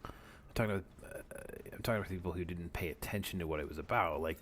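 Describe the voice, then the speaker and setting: Low-voiced man rambling over gameplay. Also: racing, a bit bright, slight background noise. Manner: rambling, many fillers and asides. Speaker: streamer. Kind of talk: casual gameplay commentary.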